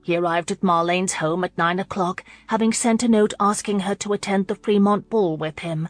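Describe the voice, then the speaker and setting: A woman narrating a historical romance audiobook in a measured, even storytelling manner. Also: medium pitch, dry recording.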